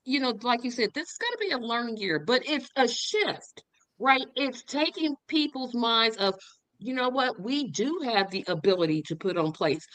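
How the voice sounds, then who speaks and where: A woman's voice: on the high side, animated, moderate pace, fairly bright tone, no echo. A woman guest in a casual livestream chat, speaking with enthusiasm and emphatic repetition, over a video call.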